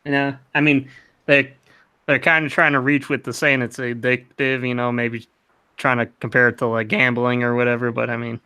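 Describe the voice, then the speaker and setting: A man's voice: medium pitch, little pitch movement, normal speed, bright, forceful tone, clear, resonant tone. A man co-hosting a casual tech podcast, reading news items aloud in a profane, offhand way.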